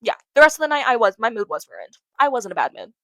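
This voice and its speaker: A woman's voice: on the high side, wildly swooping pitch, quick pace, fairly bright tone, no room sound, poor audio. A young woman hosting her own podcast, talking alone in a casual, emotional and rambling way, often repeating phrases for emphasis. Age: young adult. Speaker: podcast host. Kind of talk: casual solo podcast monologue.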